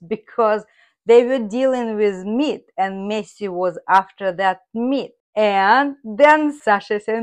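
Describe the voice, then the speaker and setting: A woman teaching Russian, explaining words slowly and carefully in English. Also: mid-range voice.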